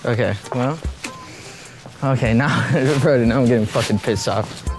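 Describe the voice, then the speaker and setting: A man's voice: mid-range voice, normal speed, over music. A man hiding during a game, cursing casually and talking to himself. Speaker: hider in a hide-and-seek video.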